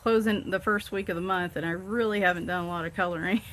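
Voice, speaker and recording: A woman's voice: lowish voice, steady tone, fast talker, fairly bright tone, slight background noise. A woman with a Southern accent chatting casually and rambling a bit as she shows her coloring books, with plenty of fillers and self-deprecating jokes. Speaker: coloring book channel host. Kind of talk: casual chat showing books.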